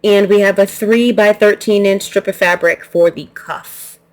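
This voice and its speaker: A woman talks her viewers through a quilting subscription box in a loose, chatty way. Her voice sits at an ordinary middle pitch, and she laughs easily and often stops to restart a sentence. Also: steady tone, measured pace. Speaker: quilting channel host. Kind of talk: casual unboxing chat.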